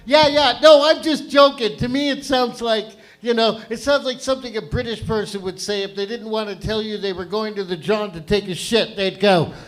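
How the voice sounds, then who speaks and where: A man's voice: sits high, normal speed, few pauses, a bit bright. A man in his fifties from Canada hosting an open mic, ranting through a profane stand-up set on a comedy club stage. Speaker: stand-up host.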